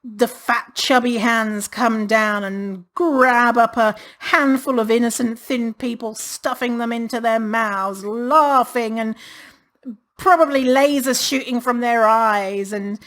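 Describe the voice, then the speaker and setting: A woman's voice: fairly high pitch, takes it slowly, fairly bright tone. A woman hosting a podcast in a casual solo monologue, blunt and sarcastic, swearing freely and laughing often. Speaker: podcast host.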